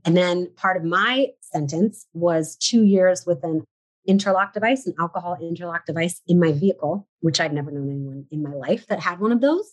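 On a rough recording, an American woman in her forties who owns a shop talks candidly about her experiences as a podcast guest, acting out what she once thought in quotes. Her voice is on the low side, and her pace is moderate.

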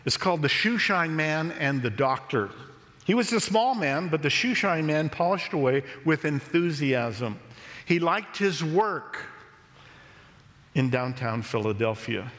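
A pastor preaching a sermon, telling a story in a slow, measured way. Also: male voice, a little high, lively intonation, a bit bright. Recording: long reverb of a large hall.

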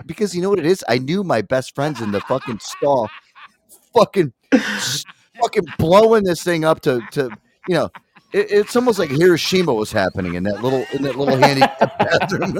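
A man's voice: on the high side, very animated, brisk. A man co-hosting a casual podcast, telling a profane story with lots of laughter. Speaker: co-host.

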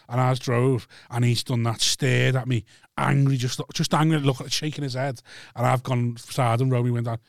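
Male podcast host, calm mid voice, dry studio sound. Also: mid-range voice, no room sound. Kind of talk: casual chat.

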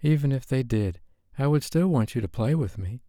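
A man's voice: medium pitch, lively intonation, normal speed, mellow, no echo, studio quality, voice pushed up, close to an everyday voice. A man voicing an anxious, pleading young woman in an audiobook, speaking earnestly.

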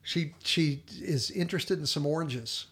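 A man co-hosting a podcast, animatedly retelling a TV episode and quoting the characters in quick little voices. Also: fairly high pitch, slight background noise. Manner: animated storyteller, quotes characters in brief voices, laughs often. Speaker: podcast co-host.

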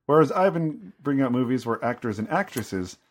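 Very deep-voiced woman with dry quips. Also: lively intonation, fairly quick. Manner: brief, dry reactions and quips. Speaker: podcast co-host. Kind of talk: casual chat.

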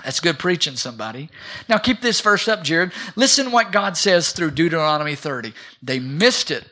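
A middle-aged man preaching a sermon in a church, rousing, calling for amens and swinging between loud and soft. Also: on the high side, lively intonation, normal speed. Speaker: pastor. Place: church sanctuary.

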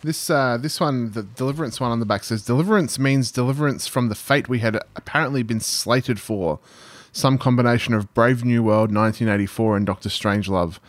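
A man's voice: mid-range voice, brisk, no room sound. A man with an Australian accent co-hosting a podcast in easygoing, matey banter. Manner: laid-back, matey banter. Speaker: podcast co-host. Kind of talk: casual chat.

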